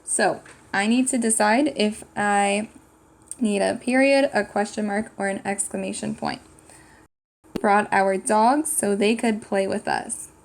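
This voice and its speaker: Woman, teacher, slow patient classroom delivery, gravelly edge, sounds out words. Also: medium pitch, steady tone, slight background noise. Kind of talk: slow, clear classroom lesson for young children.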